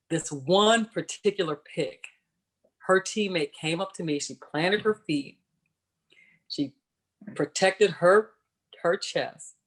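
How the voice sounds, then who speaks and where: A woman in her forties, a former pro athlete, telling her personal story on a virtual panel over a video call, conversational and explaining as she goes. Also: sits low. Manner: conversational, explains and checks in with "right?". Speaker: panelist, former professional basketball player.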